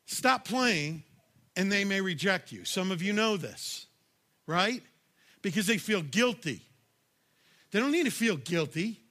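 A man's voice: high voice, lively intonation, unhurried, long pauses, bright, forceful tone. A man preaching a sermon as pastor, talking straight to his listeners in a punchy, emphatic way and raising his voice on key lines. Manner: conversational, addresses audience directly.

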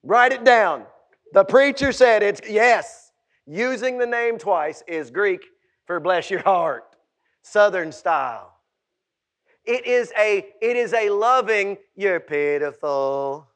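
A male pastor preaching a sermon, swinging from shouted lines to hushed whispers with drawn-out emphasis. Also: sits high, animated. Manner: drawn-out, emphatic delivery to the congregation.

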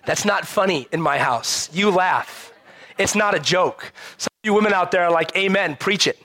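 A married man, a pastor, preaching a sermon with animated acted-out quotes and humor. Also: high voice, moderate pace, no echo, studio quality. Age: adult married man.

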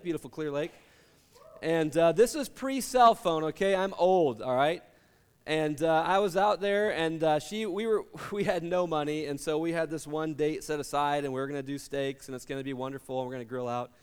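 A middle-aged male pastor with a high, smooth voice preaches to his congregation. He tells stories with humor and acts out each character's lines, and his voice carries a long reverb through the hall. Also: normal speed, a little mellow. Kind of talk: sermon.

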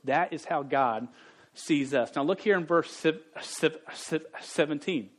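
A man in his forties preaching to a youth group in a slightly higher voice. He speaks with a stutter, often repeating the first syllable of a word. His delivery is earnest and candid. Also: a little slow. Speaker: youth pastor. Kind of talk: sermon.

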